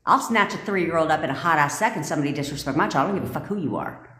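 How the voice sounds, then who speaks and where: A woman's voice: deep voice, animated, very fast, pushed and bright. Blunt, profane woman with a roomy echo. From California. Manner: blunt and profane, heated rants. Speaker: manifestation coach. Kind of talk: casual livestream talk. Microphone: phone.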